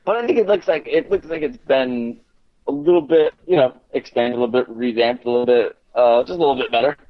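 A man hosting a relaxed podcast chat, wandering through his thoughts with plenty of fillers and self-corrections. His voice sits in an ordinary middle pitch. The recording is a little dull and lo-fi. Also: fairly quick. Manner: rambling, many fillers and restarts. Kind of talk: casual chat about video games.

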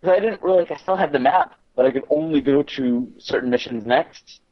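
A man's voice: fairly high pitch, brisk, lo-fi sound. A man chatting casually about video games on a podcast, rambling with lots of fillers and restarts.

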